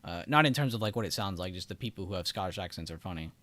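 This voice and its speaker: Low-voiced man hosting a trading stream. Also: lively intonation, very fast, pushed and bright. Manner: casual, chatty, laughs often, talks to chat directly. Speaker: trading livestream host. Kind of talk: live market commentary reading chat.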